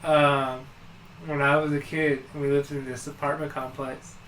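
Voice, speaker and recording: A man's voice: on the high side, little pitch movement, moderate pace, a bit bright, roomy sound, a little hiss or hum, poor audio. A man co-hosting a podcast, telling a long childhood story in casual chat, full of fillers and restarts. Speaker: podcast co-host.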